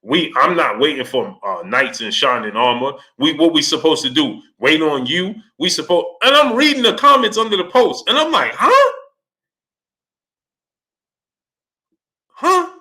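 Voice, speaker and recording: A man with a bright, forward voice hosts a casual sports livestream. He keeps greeting viewers in the chat by name between points and breaks into animated, exasperated rants. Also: a little high, normal speed, few pauses. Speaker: livestream host.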